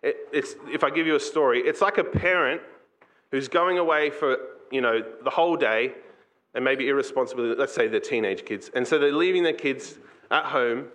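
A man preaching a sermon as pastor, earnest and conversational, slipping into quick acted asides. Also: mid-range voice, fairly bright tone.

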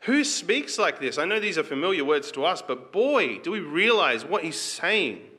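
A man's voice: fairly high pitch, sing-song, moderate pace, bright, forceful tone. A pastor preaching a conversational sermon to his congregation, asking rhetorical questions and reading scripture aloud.

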